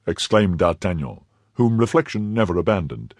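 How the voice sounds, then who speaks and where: A man reading a novel aloud as an audiobook narrator, expressive in scripted narration. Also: low voice, normal speed, husky, dry recording, studio quality.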